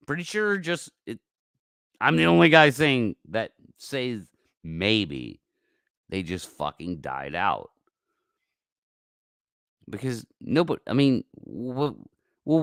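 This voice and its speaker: Deep, rambling, swearing livestream host man. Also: sing-song, very slow, pauses often, clear, resonant tone, no echo, studio quality. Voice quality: profane, rambling. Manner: swings from mumbling to loud outbursts. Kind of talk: casual livestream talk.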